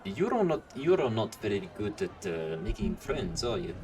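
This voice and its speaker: A man's voice: sing-song, a little slow, darkish tone, slight background noise. A man voicing a blunt scornful demon woman. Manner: attempted Russian accent, low and muttered. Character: blunt sharp-tongued female demon.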